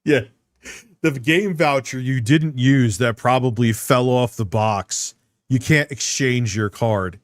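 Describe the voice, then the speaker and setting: A man's voice: medium pitch, takes it slowly, no echo. A man giving casual live-stream commentary on a video about himself, rambling, swearing and mocking himself. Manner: rambling, profane, self-mocking.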